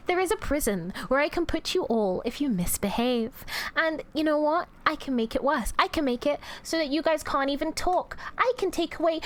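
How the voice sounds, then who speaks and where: Woman streamer, bouncy and very animated, playful mock-villain banter, swears often. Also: high voice. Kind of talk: casual livestream chat with viewers.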